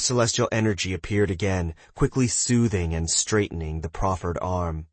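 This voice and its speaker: A man with a fairly low voice reads a fantasy story aloud, steady in the narration and bolder when he voices the characters. The sound is dry and close, with no room around it. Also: moderate pace, hardly any pauses, no echo. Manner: reads narration evenly, voices characters with shouts and raised pitch. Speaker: audiobook narrator.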